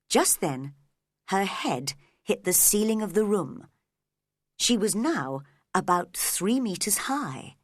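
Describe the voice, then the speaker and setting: A woman narrating a storybook in a slow, gentle, expressive reading. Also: mid-range voice, dry recording, studio quality.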